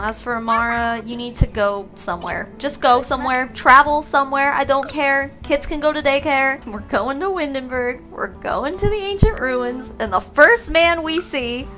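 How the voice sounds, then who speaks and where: A woman hosting a gaming channel, giving animated let's-play commentary and swearing and exclaiming at the game. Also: on the high side.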